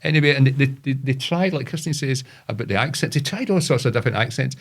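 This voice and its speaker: A man's voice: mid-range voice, quick pace. A Scottish man telling rambling, swearing anecdotes in casual podcast chat. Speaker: podcast co-host.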